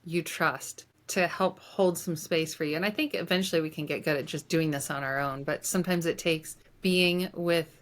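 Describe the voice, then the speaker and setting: Soft-voiced woman telling a reflective story. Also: low-pitched, steady tone, moderate pace, few pauses. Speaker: life coach guest. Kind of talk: conversational interview.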